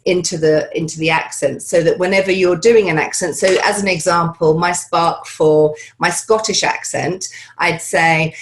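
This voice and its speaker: A woman who works as an accent and dialect coach answers interview questions over a video call from home, chatty and rambling with plenty of fillers. Her voice is on the low side, with fairly even intonation and normal speed.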